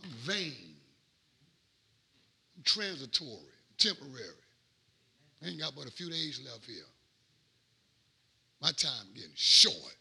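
A middle-aged man, a pastor, preaching a sermon in a rhythmic cadence that swings from quiet asides to shouted peaks. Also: fairly high pitch, sing-song, slow pace, creaky, pauses often, breathy edge.

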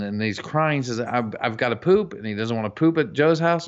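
Podcast co-host, male, mid-pitched, profane ranter, dull lo-fi audio. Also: expressive, normal speed, hardly any pauses. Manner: profane, ranting, loud bursts. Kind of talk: casual chat. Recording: dull lo-fi recording.

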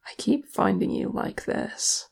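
A reader voicing a young male dwarf who speaks in a muted, gentle way. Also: medium pitch, huge pitch swings, slow, gravelly, exaggerated voice. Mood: concerned. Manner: muted, quiet voice.

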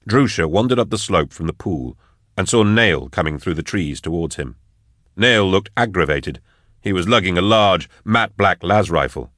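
A deep-voiced man narrates a novel in a measured, quiet way, his pitch moving expressively through each sentence. The recording is close and dry, with no room sound. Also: animated, no room sound. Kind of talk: scripted audiobook narration.

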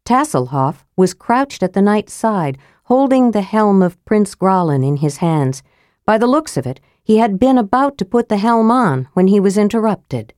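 A woman reading a fantasy story aloud as narrator, dropping her voice low for the male characters. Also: very animated, normal speed, a little mellow, dry recording, studio quality. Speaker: audiobook narrator.

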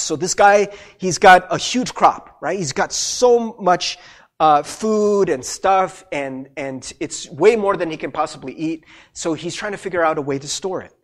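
A man as a pastor preaching a sermon, talking in an animated, conversational way with many asides. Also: a little high, normal speed.

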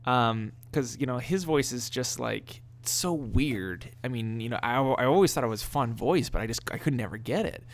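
A man co-hosting a casual chat about doing voices, rambling and halting with frequent laughs. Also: medium pitch, expressive. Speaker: podcast co-host. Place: living in the American South.

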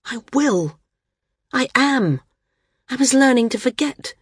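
An anguished older woman, once a flyer, pleads and lashes back bitterly, as a woman reader voices her. The voice is husky and the sound dry and close. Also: sits high, expressive, takes it slowly, no echo, pitched above the performer's own voice, heavily acted. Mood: distraught. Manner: pleading, bitter, rising to distress.

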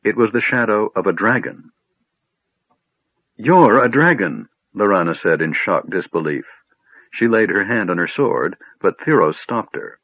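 A man reading an audiobook aloud in an expressive, measured storytelling manner. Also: low voice, dry recording. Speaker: audiobook narrator. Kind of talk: scripted audiobook narration. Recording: tinny phone-like band, dry.

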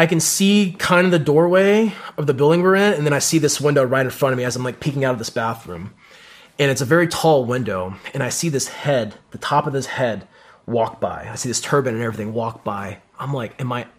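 A man sits in as a guest and tells his own combat story in casual talk. He swears often and keeps the telling vivid and animated. His voice sits at an ordinary middle pitch. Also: brisk. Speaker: podcast guest, combat veteran.

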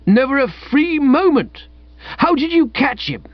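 A man's voice: very high-pitched, sing-song, measured pace, no room sound, voice pushed up, heavily acted. A pompous, querulous old magistrate, played by a male reader in a storybook reading, blustering in a raised, indignant voice. The recording is dull and dry. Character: fussy older man, pompous magistrate, indignant.

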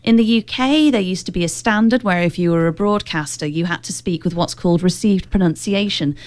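A woman's voice: fairly low pitch, brisk, darkish tone. A woman hosting a radio talk show, chatting easily and steering the talk with questions to her guests. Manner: chatty, leads the conversation with questions.

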